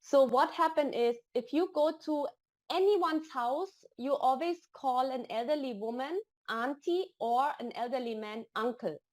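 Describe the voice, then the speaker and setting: Lady guest on a podcast, kinda high voice, gushing and emotional when she tells stories. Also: unhurried. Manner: emotional, enthusiastic storytelling. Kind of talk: casual interview chat.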